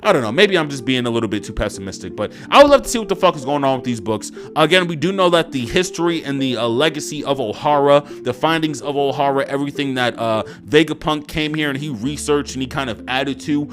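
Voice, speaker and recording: Young man, slangy manga review, animated pitch, faint music behind. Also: fast, few pauses. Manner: rambling, profane, slangy, many fillers. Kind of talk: casual chapter review.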